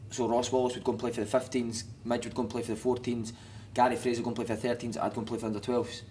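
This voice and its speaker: Scottish male guest, quick, rambling, swears freely, ordinary pitch. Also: little pitch movement, mellow, slight background noise. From Scotland. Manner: rambling, sweary, says "mate" constantly. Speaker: podcast guest, former footballer. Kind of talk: casual storytelling.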